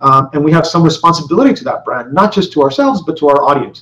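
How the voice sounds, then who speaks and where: A man's voice: on the high side, big pitch swings, racing, a bit bright. A man, a company executive, presenting a webinar in a conversational way, with many fillers, restarts and rhetorical questions. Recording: roomy, distant, dull webinar audio.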